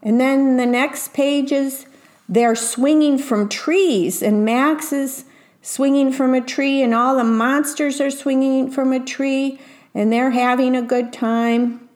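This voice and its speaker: A woman reading a picture book aloud slowly, pausing to describe each illustration in a gentle storytime manner. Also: high voice, steady tone. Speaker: reader.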